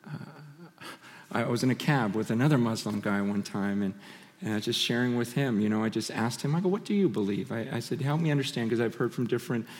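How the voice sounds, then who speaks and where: A man preaching a sermon through personal stories, impassioned and swinging between loud and hushed, on a large hall stage. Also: medium pitch, fast. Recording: long hall reverb.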